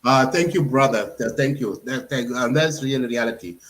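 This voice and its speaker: A man hosting and moderating an online discussion, handing out speaking turns with frequent repeats and pauses. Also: medium pitch, fairly bright tone, rough recording. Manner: halting, repeats words while handing out turns. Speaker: host and moderator. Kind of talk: moderating an audio-room discussion.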